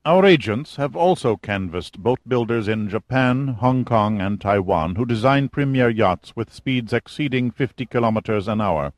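In an audiobook reading, a man voices a middle-aged intelligence colonel who is nervous, anxious, apologetic, and eager to please. The medium-pitched delivery is animated and lightly acted, at a moderate pace with few pauses and no echo.

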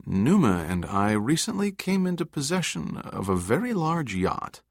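A man's voice: medium pitch, very animated, moderate pace, no echo, clean studio sound, voice pushed up. A man reading as Austin, a wry adventurer. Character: easygoing, wry male adventurer. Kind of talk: audiobook dialogue reading.

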